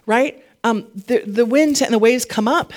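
A woman preaching a casual, conversational sermon, animated and chatty, her voice climbing when she gets fired up. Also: fairly high pitch, unhurried.

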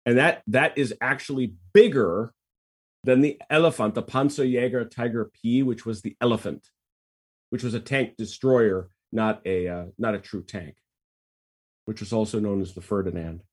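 A man's voice: lowish voice, moderate pace, slightly rough. A man co-hosting a casual podcast, reading history facts aloud and breaking off into asides. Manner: reads facts aloud, then riffs with asides. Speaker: podcast co-host.

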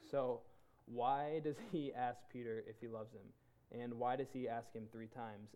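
A man leading a Bible study for men, talking in an earnest, halting way with many restarts. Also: medium pitch, mellow. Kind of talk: casual sermon to a men's group.

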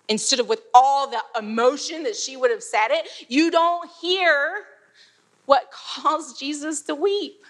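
A woman's voice: on the high side, measured pace, a bit bright. A woman teaching a Bible passage in a chatty, casual way, laughing and using frequent fillers.

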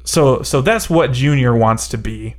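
Casual podcast co-host, man, mid-pitched voice, analytical and chatty. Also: a little slow, a little mellow. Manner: rambling, analytical, jokey. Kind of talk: casual chat about a movie.

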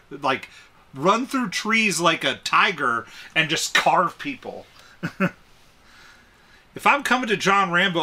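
A man's voice: a little high, bright, forceful tone. A man co-hosting a podcast, chatting casually about a movie with lots of fillers and laughter. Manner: rambling, laughing, filler-heavy. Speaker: podcast co-host. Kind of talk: casual movie review chat.

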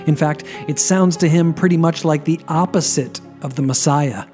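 A man giving a scripted Bible teaching, with dramatic pauses and emphatic drops in his voice. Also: on the high side, warm tone, soft background music.

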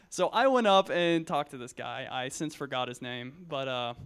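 A man's voice: a little high, brisk, clear, resonant tone. Young man giving a joking casual sermon. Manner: conversational, joking, many fillers and restarts. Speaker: Christian speaker at a youth gathering. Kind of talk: casual sermon with personal stories.

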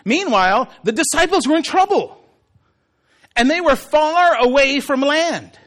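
A male pastor preaching a sermon with animated, humorous storytelling. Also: extremely high pitch, a little slow.

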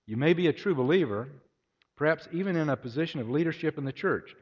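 A man's voice: fairly high pitch, expressive, quick pace. Guy giving a sermon, storytelling, echoey church hall, kinda dull lo-fi sound. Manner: storytelling, acts out voices in anecdotes. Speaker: preacher.

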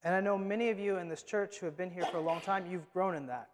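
A man preaching a sermon as the pastor of his church, emphatic and moving from loud to hushed. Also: high-pitched, steady tone, fast, background noise. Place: church sanctuary. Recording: long hall reverb.

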